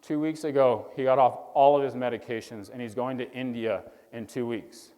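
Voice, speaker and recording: A man's voice: medium pitch, steady tone, moderate pace, dark tone. Earnest male speaker on a reverberant stage. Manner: earnest storytelling, preacher-like. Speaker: chiropractor speaking to young doctors. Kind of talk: motivational stage talk. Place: stage in a large hall.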